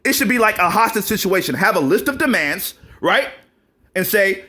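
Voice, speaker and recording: A man's voice: sits high, big pitch swings, normal speed. A man ranting to camera in a vlog, profane and combative, firing off rhetorical questions and breaking into mocking laughs. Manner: mocking laughs and loud outbursts. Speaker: vlogger.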